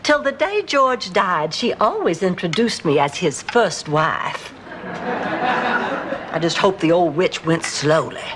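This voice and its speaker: An actress playing a vain, dramatic southern belle in a sitcom, theatrical and catty. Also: female voice, fairly low pitch, very animated, takes it slowly. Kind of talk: sitcom acting. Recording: loud-noise sitcom audio.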